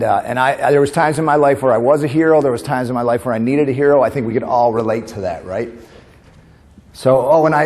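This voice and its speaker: A man from New York delivers a stand-up comedy keynote on a conference stage. His pitch sits mid-range as he rattles off quick asides and laughs at his own jokes. The sound carries a long hall reverb. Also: a little mellow. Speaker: comedian and motivational speaker.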